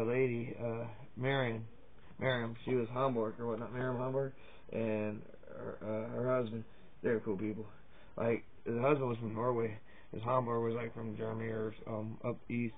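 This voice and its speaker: A man rambling through a profane, jokey comedy monologue to his camera, jumping from topic to topic. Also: medium pitch. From Virginia, USA. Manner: crude, profane, jokey, jumps between topics. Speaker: comedy vlogger. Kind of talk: rambling stand-up style monologue. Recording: tinny phone-like lo-fi sound.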